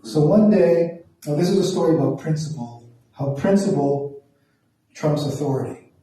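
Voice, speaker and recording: A man from Toronto telling a profane, animated stand-up story, acting out the voices in quotes. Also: on the high side, normal speed. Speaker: stand-up comedian. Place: small performance room. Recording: echoey room from far off.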